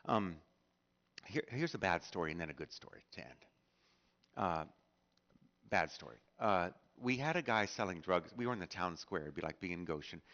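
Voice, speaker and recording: A middle-aged male pastor tells stories from the pulpit, stumbling over fillers and restarts and acting out the people in them. His voice sits low but rises and falls a lot. The church livestream sounds muffled and lo-fi. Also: lively intonation, normal speed, a bit bright. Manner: storytelling, acts out quoted speech with many fillers and restarts. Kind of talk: sermon. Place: church sanctuary.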